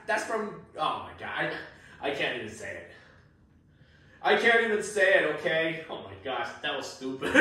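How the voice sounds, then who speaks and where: A high-voiced man who swoops lively up and down as he flubs voice takes and laughs at himself. He talks slowly and self-mockingly. The sound is very echoey and distant from the mic. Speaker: fan voice dubber. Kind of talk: recording blooper takes.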